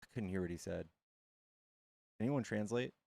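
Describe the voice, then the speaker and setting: A man's voice: on the low side, moderate pace, gravelly, heavy background noise. A man hosting a live stream, chatting crudely and jokingly with his viewers. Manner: crude, joking, addresses chat. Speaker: streamer host.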